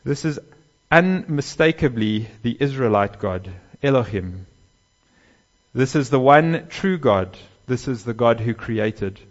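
A man's voice: lively intonation, slow. Emphatic preacher man, lo-fi. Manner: emphatic, swelling louder on key phrases and dropping low and soft on others. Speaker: pastor. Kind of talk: sermon.

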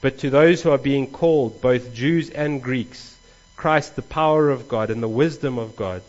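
A man delivers a sermon from the pulpit in an earnest, animated way, his voice lifting for emphasis. His voice sits at an ordinary pitch for a man. The recording sounds a little dull and muffled. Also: normal speed. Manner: earnest, animated preaching with rising emphasis and restarts. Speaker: pastor.

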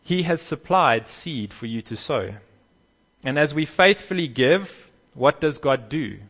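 A man's voice: on the high side, animated, a little slow, a bit bright. A man preaching an expository sermon in an earnest, emphatic way, repeating key phrases, on a dull lo-fi recording.

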